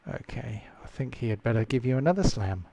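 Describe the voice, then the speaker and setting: A man running a tabletop game as game master, thinking aloud with frequent fillers and halting restarts. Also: mid-range voice, expressive, dark tone, no room sound.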